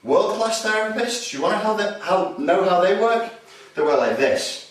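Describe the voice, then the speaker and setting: Blunt instructor in an echoey room. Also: male voice, sits high, animated, moderate pace, recorded from a distance. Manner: blunt and profane, acts out bar and door scenes. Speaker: self-defence instructor. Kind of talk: instructional talk with acted examples.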